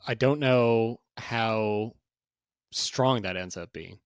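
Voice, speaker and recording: A man's voice: fairly low pitch, slow pace, clear, resonant tone, dry recording, studio quality. A man co-hosting a casual card game review podcast, speaking hesitantly and hedging his opinions. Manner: hesitant, hedging, laughs often. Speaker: podcast co-host.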